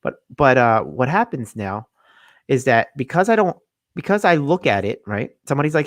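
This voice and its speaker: A man hosting his own video, giving an animated and emphatic explainer presentation to viewers. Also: fairly high pitch, brisk, no room sound, studio quality. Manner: animated, emphatic, repeats himself. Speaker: finance video host.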